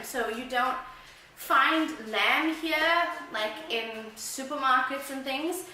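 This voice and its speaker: A woman's voice: high-pitched, expressive, takes it slowly, hardly any pauses, bright, forceful tone, a little hiss or hum. A South African woman vlogging, casual and rambling, laughing at herself as she chats to the camera. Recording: very echoey room, mic far off.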